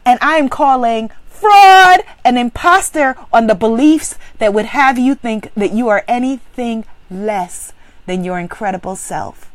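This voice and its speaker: There's no echo as a woman, working as a spiritual business coach, gives an emphatic, preachy motivational speech. Her delivery moves between loud exclaiming and quiet, intense affirmation.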